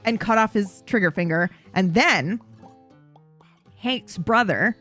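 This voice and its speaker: A woman's voice: mid-range voice, slow, fairly bright tone, soft background music. A woman casually recapping a roleplay story, rambling, swearing and correcting herself as she goes. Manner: rambling, profane, self-correcting.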